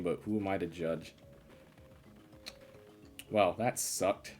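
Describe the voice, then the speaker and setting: A man with a very low voice talks through a platform game on a live stream. He grumbles in an exasperated, sarcastic way. Faint game music plays under his voice. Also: fairly even intonation, slow pace, long pauses, a little mellow. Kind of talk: live gameplay commentary.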